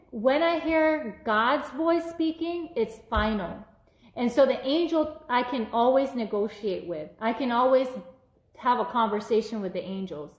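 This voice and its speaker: A woman minister telling a personal testimony in an animated, casual way, acting out the voices she quotes. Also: a little high, reverberant, low-quality recording.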